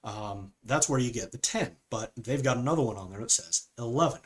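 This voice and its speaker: A man's voice: medium pitch, expressive, a little fast, breathy edge. A man giving a casual spoken film review, rambling with frequent fillers and "okay?" asides.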